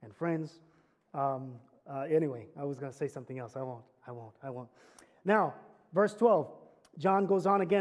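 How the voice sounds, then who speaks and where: A man's voice: fairly high pitch, moderate pace. A man, a pastor, preaching a sermon earnestly, building to emphatic climaxes and telling stories with light humor. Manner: conversational storytelling with humor.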